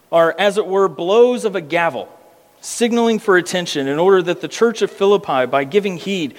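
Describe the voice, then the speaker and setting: A man preaching an expository sermon, emphatic, repeating words for weight and slowing down on key phrases. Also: a little high. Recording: long reverb of a church hall.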